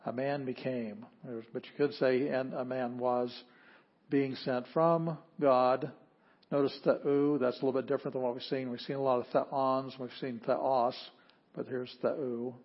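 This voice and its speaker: Husky man teaching a Greek lesson. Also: mid-range voice, level tone, normal speed. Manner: explanatory, stops to sound out words. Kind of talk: classroom lecture. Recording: dull lo-fi audio.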